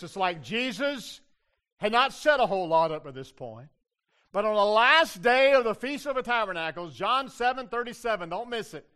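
Older pastor, emphatic sermon delivery, high tenor voice with a forceful edge. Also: male voice, very animated, normal speed. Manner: loud, emphatic preaching; addresses the congregation with questions.

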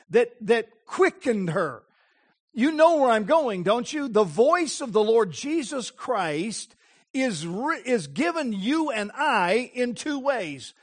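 A male preacher giving an impassioned sermon, with emphatic phrasing and dramatic pauses. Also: high voice.

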